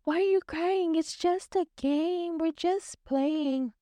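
Woman putting on a bossy older girl, pretend teacher, high shrill scolding, clean dry sound. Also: slow pace, mellow, no echo.

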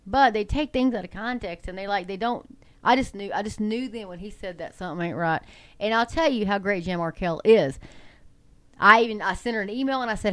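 A woman from Texas hosting an online ministry show. She talks in rambling casual commentary with many fillers and self-corrections, and her voice climbs high and loud when she gets emphatic. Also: fairly quick, clear, resonant tone.

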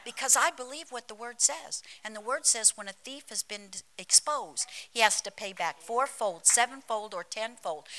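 A woman's voice: fairly high pitch, normal speed, few pauses, bright, forceful tone, poor audio. A woman pastor delivering a sermon in church. She is emphatic, drops into dramatic whispers and tells humorous stories while calling out to the congregation. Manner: storytelling with humor, calls to the congregation.

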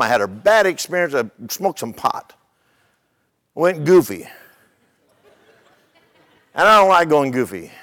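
An older man with a high-pitched voice preaches a sermon to his congregation. He keeps it chatty, stumbles and repeats his words, and slips into funny stories. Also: a bit bright, clean tone, long reverb tail. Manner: conversational, repeats words, tells humorous stories. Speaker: pastor.

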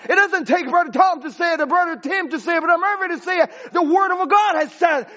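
A man preaching a sermon as pastor, impassioned and rising to shouts, with broken grammar. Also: very high voice, fairly quick, hardly any pauses, muffled recording.

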